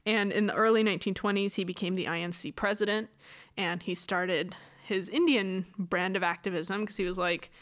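A woman's voice: medium pitch, fairly even intonation, normal speed, a bit bright. A woman host telling a history story in casual chat, joking and acting out quotes in silly voices. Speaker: podcast host.

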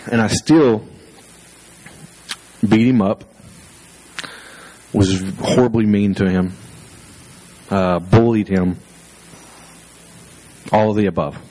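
A man's voice: lowish voice, fairly even intonation, slow pace, pauses often, dark tone, poor audio. A male pastor preaching a sermon through personal stories, conversational and self-deprecating, with fillers and restarts.

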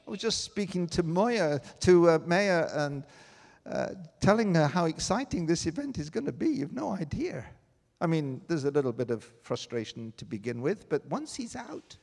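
An older man preaching a sermon, telling personal stories with emotion that swings from loud to hushed. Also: fairly high pitch, big pitch swings, moderate pace, gravelly, big-room sound.

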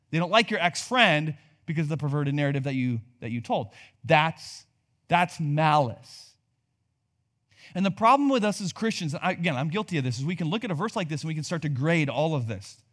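Guy pastor preaching, kinda chatty then gets loud and emphatic, voice a bit on the high side. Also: a little fast. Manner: conversational, rising to emphatic peaks. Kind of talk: sermon.

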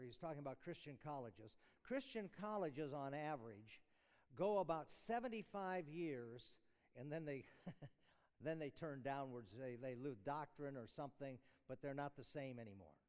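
Middle-aged male chapel preacher, earnest teaching tone, smooth resonant voice, reverberant hall. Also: on the high side. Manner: earnest, explanatory, with restarts and soft chuckles. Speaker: chapel speaker. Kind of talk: sermon.

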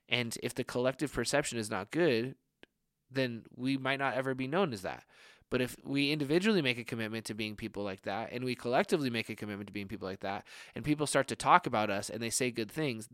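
A man's voice: mid-range voice, fairly bright tone, clear, resonant tone, no echo. Earnest young man preaching, dry sound. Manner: earnest, conversational, many rhetorical questions; frequent filler "like". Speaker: young adults pastor. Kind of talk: sermon.

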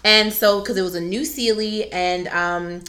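On a podcast, a woman co-host tells a story in casual conversation, laughing and acting out what people said with lots of animation. Her voice is medium-pitched and her pace unhurried.

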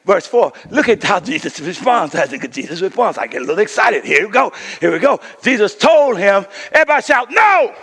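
A male pastor preaching a sermon in a call-and-response style that rises to shouting. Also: high voice, big pitch swings, fairly quick, vocal fry, hardly any pauses, breathy edge.

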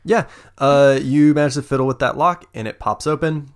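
Gravelly-voiced man running a tabletop game. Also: medium pitch, normal speed. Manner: hesitant, many fillers and restarts. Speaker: game master.

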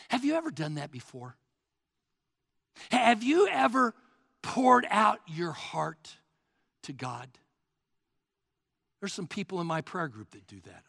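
A man in his sixties preaching a sermon as pastor, swinging from hushed murmurs to shouts. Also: high-pitched, creaky, breathy edge. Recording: long hall reverb.

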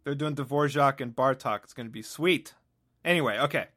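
This podcast host has a mid-range, slightly bright voice and talks at normal speed. Solo and sardonic, he rambles through comic material, regularly interrupting his own thoughts.

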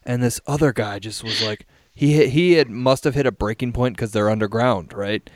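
A podcast host chatting casually over a video call, telling rambling stories, laughing and swearing freely. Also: male voice, medium pitch, normal speed, no echo, clean studio sound.

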